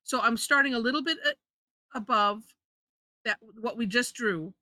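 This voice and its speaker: A woman's voice: fairly high pitch, unhurried, pushed and bright, no echo. A woman leading a live drawing lesson, chatty, correcting herself and laughing often. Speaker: drawing instructor.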